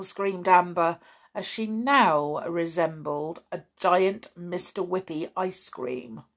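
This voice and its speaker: A woman reading a children's storybook aloud with slow, dramatic, expressive delivery. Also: fairly low pitch. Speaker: narrator.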